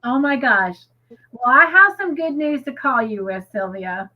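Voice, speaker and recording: Woman, gushing live chat, reads comments, slightly high voice, muffled lo-fi audio. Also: measured pace. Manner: gushing, excitable, reads viewer comments aloud. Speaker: co-host of a crochet livestream.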